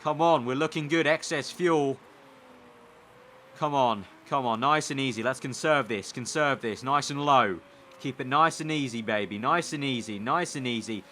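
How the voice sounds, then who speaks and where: An excitable young man from the United Kingdom talks through his racing management game with a bright, forceful voice. He mutters strategy to himself and begs the cars home. A faint hiss sits under the recording. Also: mid-range voice, normal speed. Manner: animated, excitable, pleading and cheering at the screen. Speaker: gaming YouTuber. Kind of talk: let's play commentary.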